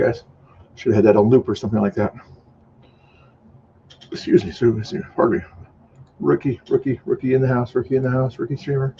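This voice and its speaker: A man's voice: mid-range voice, warm tone, dull audio, slight background noise. A man hosting a livestream, chatting casually and rambling as he comments between clips. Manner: rambling, chatty, self-correcting. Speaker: livestream host.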